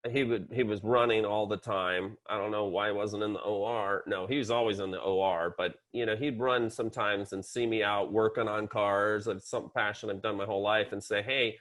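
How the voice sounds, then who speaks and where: A man in his sixties, a psychiatrist guest chatting in an interview with dry, deadpan humor. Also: on the low side, a little fast. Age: 60s. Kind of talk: casual interview conversation.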